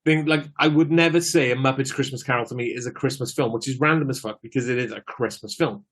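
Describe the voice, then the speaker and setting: A man co-hosting a podcast talks in a mid-pitched, ordinary voice. He is blunt and sweary in casual chat and laughs easily along with his partner. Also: fast, fairly bright tone. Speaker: podcast co-host.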